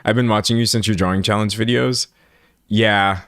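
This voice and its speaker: A man's voice: fairly low pitch, fairly even intonation, normal speed, fairly bright tone, clear, resonant tone, no room sound, clean studio sound. An American man in his late twenties chatting casually with viewers on a livestream, rambling and laughing often. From United States. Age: 20s. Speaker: livestream host.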